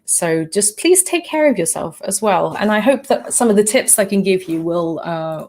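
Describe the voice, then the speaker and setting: A woman's voice: on the low side, gravelly, darkish tone. A woman with a slightly shifted English accent, hosting a casual livestream Q&A and answering chat comments with many fillers, restarts and apologies. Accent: English, shifted by living in the Netherlands. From England. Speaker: livestream host.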